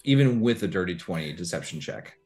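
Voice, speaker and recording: A man narrating as game master of a tabletop game, describing scenes in an unhurried way. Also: low-pitched, big pitch swings, darkish tone, soft background music.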